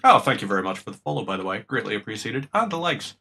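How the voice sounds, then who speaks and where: A man's voice: lowish voice, very animated, fast, vocal fry, bright, forceful tone. A young man with a Northern Irish accent chatting casually and rambling while he streams a game, swearing now and then. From Northern Ireland. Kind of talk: casual gameplay chat.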